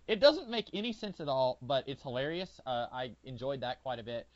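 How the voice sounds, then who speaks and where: A man chatting casually on a podcast, voice pitched slightly high, rambling with many fillers. The audio is dull and lo-fi, and the sound is very dry with no room. He gets animated when he retells scenes. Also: a little fast, hardly any pauses, no room sound. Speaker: podcast co-host. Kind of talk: casual chat.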